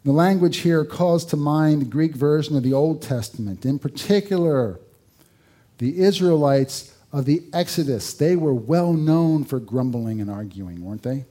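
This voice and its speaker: A man's voice: on the high side, expressive, moderate pace, dark tone. A male pastor preaching a sermon in a conversational way, with rhetorical questions and dry humor.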